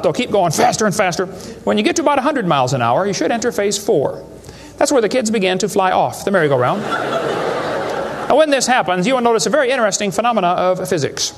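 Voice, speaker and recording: Male lecturer, high-pitched and folksy, joking with a live crowd in a hall. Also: big pitch swings, fast. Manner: folksy, joking, rhetorical questions. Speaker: creationist speaker addressing a live audience. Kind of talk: humorous lecture to a live audience.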